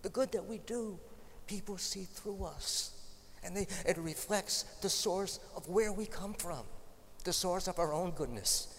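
A man's voice: high-pitched, unhurried, big-room sound, a little hiss or hum. A male preacher giving a sermon, telling stories in a conversational way with light humorous asides.

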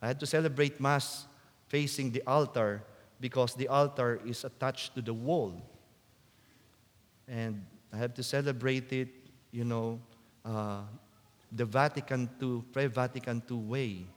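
Priest man giving a slow sermon, big church echo, gets loud on the quotes. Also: medium pitch, fairly even intonation. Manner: slow and deliberate, rising to loud emphatic quotes. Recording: long church reverb.

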